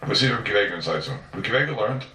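A man teaches a Talmud class at a quick clip, pressing his points again and again and firing off rhetorical questions. His pitch swings widely as he talks. He is heard from a distance in an echoey room. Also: animated, sharp tone, a little hiss or hum. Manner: repeats and restates points emphatically; asks rhetorical questions and answers them.

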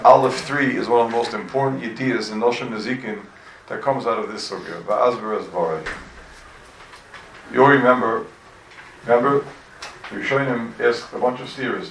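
A man teaching a Talmud class, animated and full of rhetorical questions, recorded from a distance in an echoey room. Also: medium pitch, normal speed, pauses often, slight background noise. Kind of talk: lively Talmud class lecture.

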